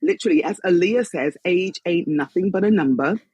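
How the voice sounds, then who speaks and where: A woman in her fifties speaks with a softened London accent. Her voice is husky and breathy, and she talks in a theatrical, chatty way, laughing often. The sound is dry and close to the mic. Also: fairly low pitch, animated, fairly quick, no echo. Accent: softened London English. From southeast London, England. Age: 50s. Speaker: guest, actress and entrepreneur. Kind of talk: casual interview chat.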